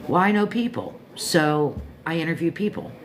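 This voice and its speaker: An older woman from Florida with a low, deep voice, hosting her own show and chatting casually about a book, self-joking and talking straight to listeners. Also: very animated, moderate pace, noisy background. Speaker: show host reviewing a book. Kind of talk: casual rambling monologue.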